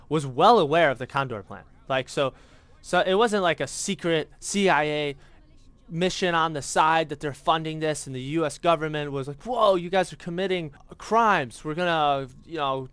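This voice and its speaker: Us guy yapping about history while gaming, smooth clear voice, swears a lot, tons of ums and uhs. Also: mid-range voice, a bit bright. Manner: rambling, profane, heavy on fillers. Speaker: gaming YouTuber. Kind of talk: casual history commentary over gameplay.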